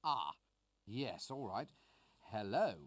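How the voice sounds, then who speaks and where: Put-upon young wizard in a game, wry and chatty, voice swinging up and down. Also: male voice, lowish voice, sing-song, dry recording. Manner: wry, chatty, quick retorts. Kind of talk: video game voice acting.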